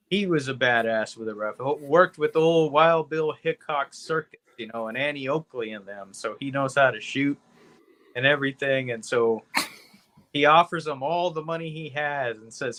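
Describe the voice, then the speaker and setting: A man's voice: mid-range voice, normal speed, a bit bright. A man co-hosting a podcast, reviewing movies in a laid-back, rambling chat full of "you know" and casual swearing. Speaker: podcast co-host.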